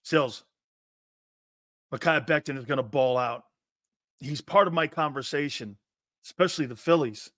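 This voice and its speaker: A man's voice: mid-range voice, moderate pace, pauses often, fairly bright tone, no echo, clean studio sound. A brash middle-aged man hosting a sports talk show, ranting in rhetorical questions and laughing often.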